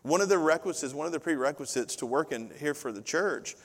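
A man in his forties, a pastor, preaching a sermon in a loose, conversational storytelling way with sudden loud bursts. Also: fairly high pitch, lively intonation, a little fast. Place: church sanctuary. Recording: reverberant hall.

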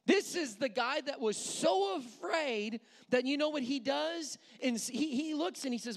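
A pastor preaching a sermon, telling the story with animated delivery, acting out the quotes and often repeating words while thinking aloud. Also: sits high, unhurried, hardly any pauses. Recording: long hall reverb.

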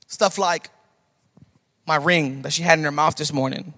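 A male pastor preaches with a notably high voice, leaning hard on repeated phrases to drive each point home. His words ring out with a long reverb tail that fills the church around him. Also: fairly even intonation, moderate pace, sharp tone. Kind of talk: sermon.

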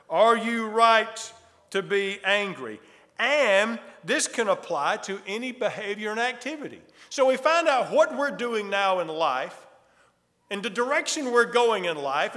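A man's voice: sits high, pushed and bright, in a large hall. A male pastor preaching a sermon, building emphasis through repeated rhetorical questions.

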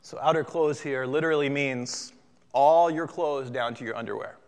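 Animated pastor preaching in a reverberant hall. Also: male voice, medium pitch, moderate pace, gravelly. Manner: animated and conversational with humor. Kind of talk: sermon.

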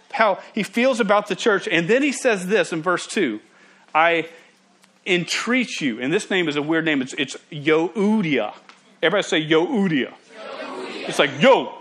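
A young man preaching a sermon to a student ministry, animated and joking, often restarting his words. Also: high voice.

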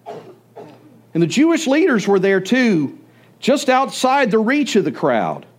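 A man preaching a sermon, telling the story with animated storytelling. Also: high voice. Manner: animated storytelling, acts out voices. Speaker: pastor.

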